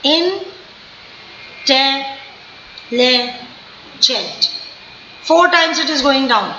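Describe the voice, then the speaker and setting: Woman, Indian English accent, high bright voice, slow repetitive drilling, echoey dull recording. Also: a little hiss or hum. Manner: slow drilling, repeats each word several times. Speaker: English teacher. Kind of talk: online spoken English lesson. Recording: echoey room, dull lo-fi sound.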